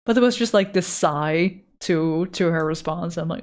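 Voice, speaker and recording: A woman's voice: lowish voice, moderate pace, a little mellow. A young adult woman streamer chatting casually and self-deprecatingly while drawing live, swearing now and then and reading chat aloud. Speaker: art streamer.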